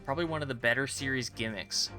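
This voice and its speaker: A man's voice: medium pitch, fast talker, bright, forceful tone, faint music behind. A man streaming a video game, chatting casually and joking about the characters. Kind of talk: casual chat.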